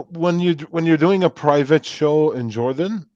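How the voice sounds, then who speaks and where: A man appearing as a guest comedian in casual chat, telling stories in a relaxed, candid way. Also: on the high side, measured pace, no room sound. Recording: dry, dull lo-fi sound.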